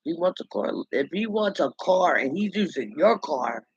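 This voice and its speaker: A man's voice: a little high, big pitch swings, moderate pace, slightly rough, no echo. A man in a rambling, indignant gossip monologue, talking to himself. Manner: chatty, indignant, talks to himself. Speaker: vlogger. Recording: dull lo-fi dry recording.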